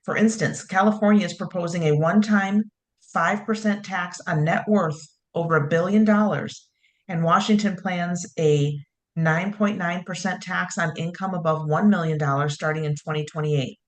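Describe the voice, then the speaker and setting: A woman co-hosting a casual opinion chat, measured and careful, reading out news items. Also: fairly low pitch. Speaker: podcast co-host.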